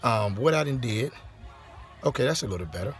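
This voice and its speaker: A middle-aged man, a pastor and author, chatting casually to his viewers on a phone inside a car, repeating his points and getting animated when riled. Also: medium pitch, brisk, slightly rough, soft background music. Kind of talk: casual vlog talk to viewers.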